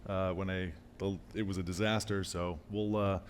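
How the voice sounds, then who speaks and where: A man giving a casual live-coding talk at a meetup, losing his voice and clearing his throat, with fillers and restarts. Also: sits low, flat delivery, moderate pace, slight background noise. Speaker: meetup presenter. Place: meetup room.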